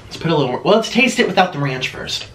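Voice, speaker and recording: A young man hosting an eating vlog, talking casually between bites with excited gasps and murmurs. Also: fairly high pitch, quick pace. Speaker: mukbang host. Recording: echoey room with faint noise.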